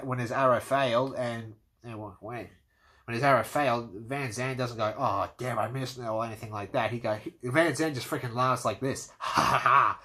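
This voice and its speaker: A man giving an excitable, casual movie review, swearing freely and acting out scenes. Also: mid-range voice, slight background noise. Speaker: movie commentator.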